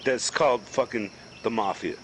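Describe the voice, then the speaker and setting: A man's voice: mid-range voice, moderate pace, noisy background. A man from the US East Coast in a casual chat while gaming, ranting heatedly and swearing constantly.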